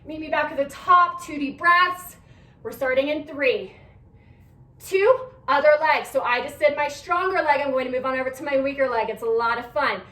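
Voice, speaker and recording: Woman fitness instructor, high voice, upbeat coaching, a little out of breath, echoey room, mic at a distance. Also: moderate pace, bright, forceful tone. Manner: upbeat coaching, counting down reps. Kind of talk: workout class cueing.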